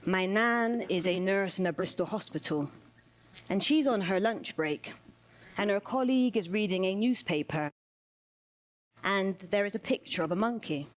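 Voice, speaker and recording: A woman delivering a spoken word performance in a measured, rhythmic way, returning to repeated refrains. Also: mid-range voice, expressive. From United Kingdom.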